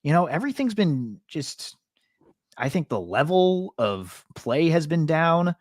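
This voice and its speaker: Animated man ranting about sports. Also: fairly high pitch, unhurried, no echo, clean studio sound. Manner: animated, ranting, lots of fillers. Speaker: podcast co-host. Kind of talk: casual sports chat.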